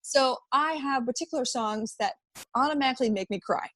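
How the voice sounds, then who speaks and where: A woman's voice: high-pitched, brisk, fairly bright tone, no room sound. A woman in her thirties, a podcast guest, talking earnestly in a conversational interview and often repeating words as she thinks. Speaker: podcast guest, app founder.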